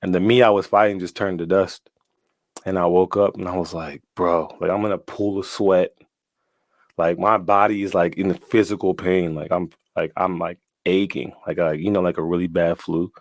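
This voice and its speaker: Slangy young man with a low voice. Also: steady tone, a little fast, no room sound, clean studio sound. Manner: slangy, laughing, lots of "like" and "bro". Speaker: guest. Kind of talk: casual storytelling.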